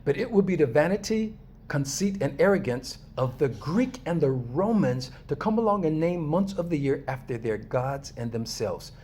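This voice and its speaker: An American man from Los Angeles speaking in a casual, animated monologue to his viewers, emphatic and chuckling often. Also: fairly high pitch, moderate pace, slight background noise. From Los Angeles, USA. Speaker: vlogger.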